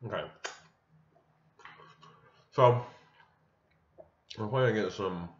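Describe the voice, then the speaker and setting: A man's voice: on the low side, very slow. A man casually commentating his own card game, thinking aloud to himself. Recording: roomy, dull lo-fi mic.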